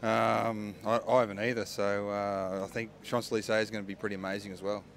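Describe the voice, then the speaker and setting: Cheerful low-voiced Australian man. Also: flat delivery, brisk, vocal fry, a little hiss or hum. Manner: cheerful, chuckling, slangy. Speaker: pro cyclist. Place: outdoors at a bike race.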